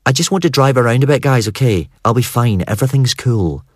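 A man voicing a calm, firm young woman who speaks briskly and urgently in an audiobook. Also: medium pitch, no room sound, studio quality, voice pushed up, close to an everyday voice.

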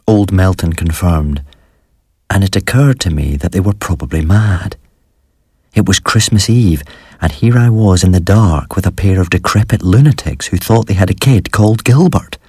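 A man with a deep, husky voice reads a spooky first-person story in a measured, dramatic way. The recording is dry and close, with no room echo. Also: darkish tone. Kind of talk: scripted horror story narration.

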